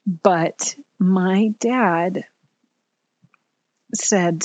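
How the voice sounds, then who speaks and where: Slow, low-voiced woman telling a personal story. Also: steady tone, darkish tone, no echo, muffled recording. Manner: earnest and candid, halting at emotional moments.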